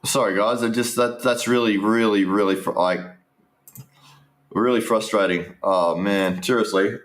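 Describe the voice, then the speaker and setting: A man's voice: lowish voice, steady tone, measured pace. A man giving casual, rambling live stream commentary, restarting sentences and talking straight to his viewers.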